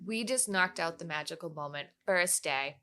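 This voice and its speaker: Woman guest, bright forceful tone, animated storytelling. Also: fairly low pitch, moderate pace. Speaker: podcast guest. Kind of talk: casual storytelling.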